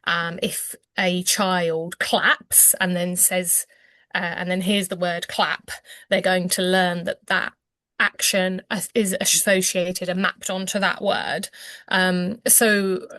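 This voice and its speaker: A woman's voice: fairly low pitch, flat delivery, slow, a bit bright, dry recording. A woman, a clinician explaining language development as an interview guest, hesitant with many ums and restarts. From England.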